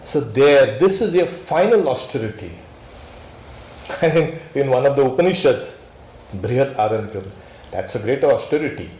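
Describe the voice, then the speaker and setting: A man's voice: medium pitch, lively intonation, a little slow, a little mellow. A man teaching a scripture class as a swami, talking in a conversational and emphatic way, with frequent exclamations. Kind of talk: scripture lecture. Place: temple hall. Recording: echoey hall recording with faint noise.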